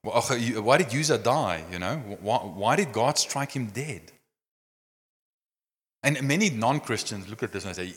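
A male preacher gives a sermon at an average pitch, retelling a Bible story with animated energy. He leans on "I mean" and "you know" as he builds scenes. His voice rings out with the long reverb of a church hall. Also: a little slow.

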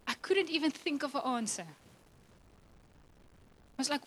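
Bright high-voiced woman preaching passionately. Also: lively intonation, a little slow, long pauses, rough recording. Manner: passionate, emotional, with laughs. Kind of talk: sermon.

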